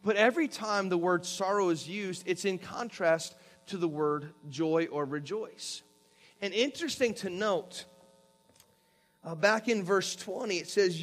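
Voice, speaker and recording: Pastor, male, earnest sermon delivery, slightly higher voice. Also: moderate pace, fairly bright tone. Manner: earnest, reads scripture aloud and gives step-by-step instructions.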